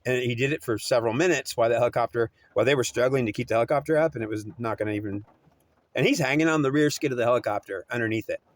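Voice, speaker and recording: A man's voice: medium pitch, rapid-fire. A man telling a story in a rambling, repetitive way, often restarting and correcting himself. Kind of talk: oral storytelling.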